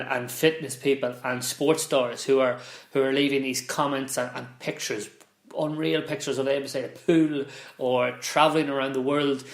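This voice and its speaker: A man, a business founder, talking casually to camera and explaining marketing, with frequent restarts and repeated words. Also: mid-range voice. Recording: roomy echoey room.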